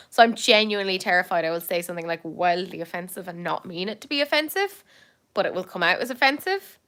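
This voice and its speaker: Lively and a little fast, this young woman from Ireland has a fairly low, slightly bright voice as she casually chats with viewers on her livestream. Her talk rambles with filler words, full of frequent laughter and self-deprecating jokes.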